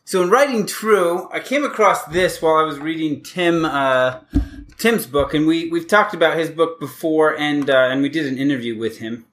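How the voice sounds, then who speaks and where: A man's voice: a little high, moderate pace, fairly bright tone. A man hosting a casual podcast, explaining writing and grammar in a chatty, rambling way with many restarts. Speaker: podcast host.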